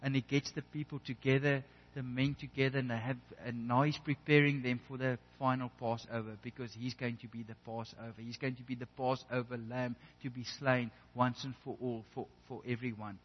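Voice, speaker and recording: A man's voice: mid-range voice, little pitch movement, brisk, few pauses. A man preaching a sermon in an earnest way, often restarting and repeating words as he builds a point. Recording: echoey hall, dull lo-fi sound.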